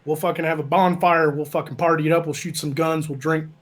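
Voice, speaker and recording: A man's voice: on the high side, steady tone, fast talker. A man chatting as a podcast guest, dropping joking, matter-of-fact asides. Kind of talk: casual chat.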